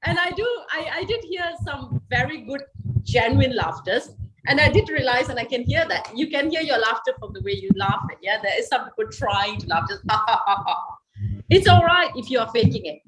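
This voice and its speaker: A woman's voice: a little high, animated, moderate pace, noisy background. A woman leading a guided laughter yoga session over a video call, coaxing and encouraging her listeners.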